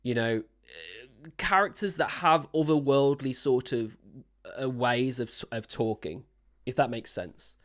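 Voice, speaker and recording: A man's voice: mid-range voice, animated, unhurried, a bit bright. A man who is a singer-songwriter, giving casual, enthusiastic commentary while reacting to a song, rambling with many restarts. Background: song playing faintly.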